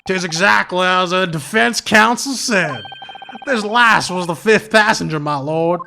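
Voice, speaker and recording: A man's voice: sits high, measured pace, creaky, sharp tone, exaggerated voice. A man voicing a chatty middle-aged male witness in a clumsy put-on Irish brogue, telling his story in a folksy, rambling way. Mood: storytelling. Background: background music.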